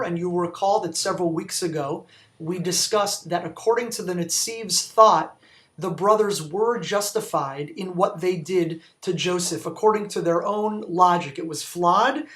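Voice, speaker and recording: In a Torah study session, a male rabbi whose voice sits high and sounds fairly bright reads out Hebrew quotes. He then explains each in English and puts questions to the people listening.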